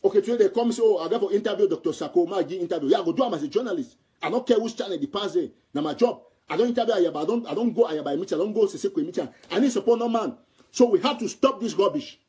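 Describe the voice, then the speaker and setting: A man from Southern Cameroon talks in Cameroonian Pidgin English. His voice is high and husky with a dark, mellow tone, and he rushes through his points in a heated, repetitive manner. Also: animated. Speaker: political commentator. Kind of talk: impassioned audio commentary.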